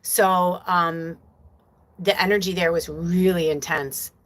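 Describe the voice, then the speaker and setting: Lowish-voiced woman in her 40s, chatty live stream storytelling, swears a lot, lots of fillers. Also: steady tone, slow. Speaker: spiritual medium hosting a live stream. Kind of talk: casual storytelling to viewers.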